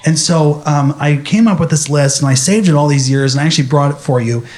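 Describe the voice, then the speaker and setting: Animated young man telling a story. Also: a little high, brisk. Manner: animated, addressing an audience. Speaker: speaker. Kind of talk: motivational storytelling talk.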